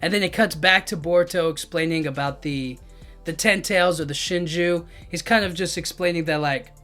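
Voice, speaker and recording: A man's voice: on the high side, moderate pace, pushed and bright. A man recapping a manga chapter in a loose, casual way, filling his talk with "like" and "you know what I mean", with faint music behind. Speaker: anime and manga reviewer.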